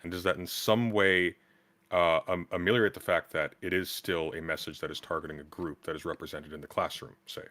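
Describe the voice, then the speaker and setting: A man's voice: low voice, steady tone, bright, forceful tone, no room sound. A man moderating a debate panel, handing out turns and restating a question for clarity. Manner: measured, hands turns to speakers.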